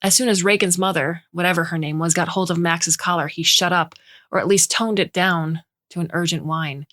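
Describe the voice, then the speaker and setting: Woman reading a story, low voice, steady expressive delivery, dry sound. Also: a little fast, dry recording. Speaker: narrator. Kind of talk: scripted story narration.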